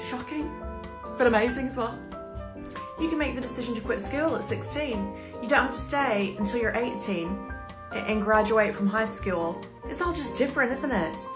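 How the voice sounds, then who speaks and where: A woman talks straight to camera in a brash, joking vlog style and hits her punchlines hard. Her voice sits a little high. Light music plays faintly behind her. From southern United States. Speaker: vlogger. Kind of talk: casual comic vlog.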